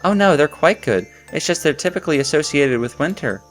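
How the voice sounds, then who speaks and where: A man reading aloud and voicing a polite, gentle young woman from a game, with soft, courteous and formal speech. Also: fairly high pitch, lively intonation, fairly quick, soft background music, voice pushed up, natural voice.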